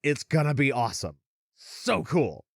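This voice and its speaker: A man co-hosting a casual podcast, talking in an animated way and laughing often. His pitch swings widely around a middle level. The sound is dry and close to the mic. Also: measured pace, creaky, no room sound. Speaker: podcast co-host. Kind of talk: casual chat.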